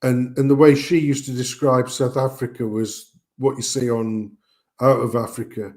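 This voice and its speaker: Middle-aged bloke rambling thru family stories, jokey, swears a bit, mid-pitched voice. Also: male voice, level tone, moderate pace, a little mellow. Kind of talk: casual chat.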